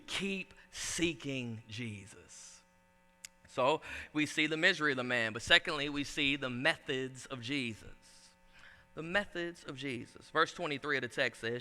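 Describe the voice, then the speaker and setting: A man preaching with animated, conversational flair, swinging between folksy stories and scripture. His voice is bright, crisp and resonant, sitting a little high. The church sanctuary adds a long echo behind him. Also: a little slow. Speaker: pastor. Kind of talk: sermon.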